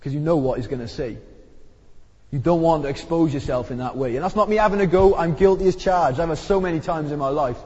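With a sore throat, a man delivers a conversational, emphatic sermon in a church hall, his pitch rising on key points. He speaks quickly in a husky, slightly mellow voice, and the dull recording carries a long hall reverb.

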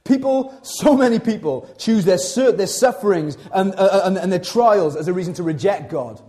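A young man preaching with a high-pitched but mellow voice. He talks to the congregation like friends, jumping from jokes to earnest appeals and stumbling over repeated words as he goes. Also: moderate pace. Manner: animated, conversational preaching with asides and repetitions. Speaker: pastor. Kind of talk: sermon.

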